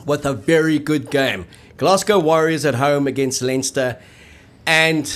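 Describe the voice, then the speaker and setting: A man co-hosting a rugby show, chatting casually and wryly and tagging his sentences with "eh". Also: a little high. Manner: chatty, tags sentences with "eh", wry. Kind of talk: casual sports chat.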